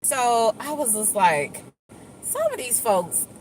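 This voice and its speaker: Woman vlogger, animated pitch, casual car chat over faint road hum. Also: slow, poor audio. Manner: chatty, animated, acts out other people's voices. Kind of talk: casual chat while driving. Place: inside a moving car.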